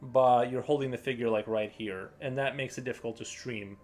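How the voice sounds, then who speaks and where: A man's voice: medium pitch, fairly even intonation, fairly quick, a little mellow. A man live-streaming while he paints, chatting casually in a rambling, hesitant way full of fillers and restarts.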